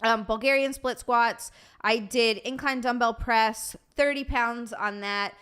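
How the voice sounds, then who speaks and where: A woman's voice: on the high side, steady tone, measured pace, fairly bright tone, clean tone. A woman streamer chatting casually with her live chat, bubbly and rambling, reading messages aloud.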